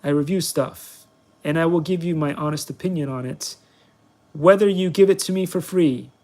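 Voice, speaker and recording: A man narrates his review vlog while he tries to fly a toy. He rambles and jokes at his own expense. His voice sits on the higher side for a man. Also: normal speed, darkish tone. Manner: playful, self-mocking, rambling. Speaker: product reviewer, channel host. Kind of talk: casual vlog commentary while playing.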